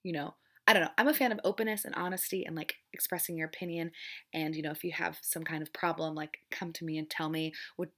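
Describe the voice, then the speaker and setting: A young woman chats through her monthly book wrap-up in a bright, slightly low voice with a gravelly edge. She rambles, restarts her sentences, leans hard on "like" and "frustrating," and breaks into laughter often. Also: steady tone, fast talker. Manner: rambling, many fillers and restarts, repeats "frustrating". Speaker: book vlogger.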